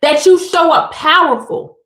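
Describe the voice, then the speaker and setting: A woman's voice: very high-pitched, measured pace, fairly bright tone, reverberant. A woman giving an emphatic, sassy motivational spiritual talk straight to her listeners.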